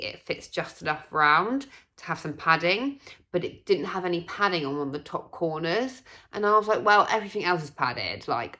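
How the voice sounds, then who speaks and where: A young woman from England telling a story in a chatty vlog, acting out what people said. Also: on the low side. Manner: chatty, animated, acts out quoted voices. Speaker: vlogger. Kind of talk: casual storytelling.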